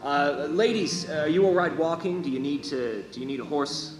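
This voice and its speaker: A man voicing a polite gentleman rider in a tabletop game, courteous and hesitant with many fillers. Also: a little high, normal speed, echoey room, faint music behind, natural voice.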